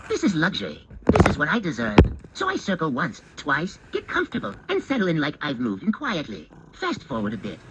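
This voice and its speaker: A man's voice: a little high, a little fast, few pauses, very noisy. Wry man narrating as a cat. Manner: wry, deadpan, mock-serious. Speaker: narrator speaking as a pet cat. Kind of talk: comic first-person storytelling. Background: background music.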